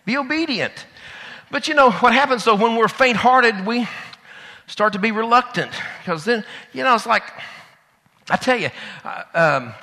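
A man's voice: extremely high pitch, animated, normal speed, pushed and bright, long reverb tail. A middle-aged man, preaching a conversational sermon as pastor and acting out little asides.

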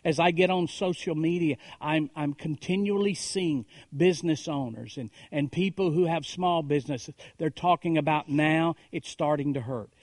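A man preaching a sermon as a pastor, building on repeated phrases and rhetorical questions, moving between hushed lines and raised, emphatic calls. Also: on the high side, moderate pace, few pauses, dry recording, clean studio sound. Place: church.

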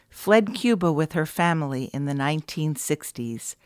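A woman hosting a podcast, reading scripted narration in a measured, polished way. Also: low voice, smooth, no echo, clean studio sound. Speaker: podcast host.

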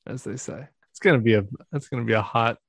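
Deadpan man with a gravelly voice. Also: medium pitch, fast, dry recording. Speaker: podcast guest. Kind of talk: comedic reading of a parody memoir.

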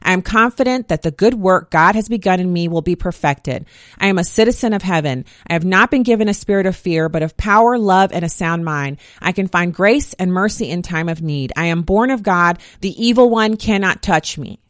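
A woman delivering a faith-based monologue, reciting scripture verses one after another in a steady, emphatic cadence. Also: lowish voice, a little fast, dry recording, studio quality.

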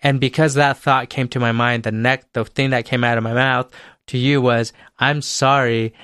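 Smooth-voiced young man swapping stories. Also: mid-range voice, flat delivery, moderate pace, a bit bright, no room sound, clean studio sound. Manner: swearing, laid-back storytelling. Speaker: podcast co-host. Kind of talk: casual chat.

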